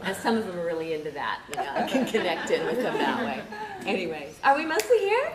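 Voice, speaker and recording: A woman voice teacher on a convention panel, leading vocal warm-ups in a playful, animated way and laughing often. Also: fairly low pitch, fast, far from the mic. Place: large convention hall with audience. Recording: echoey hall, loud crowd.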